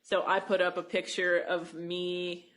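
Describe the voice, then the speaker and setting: A woman, a voice actor and director co-hosting a podcast, telling anecdotes in a lively way and laughing as she talks. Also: lowish voice, a little slow. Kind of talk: casual podcast chat, storytelling.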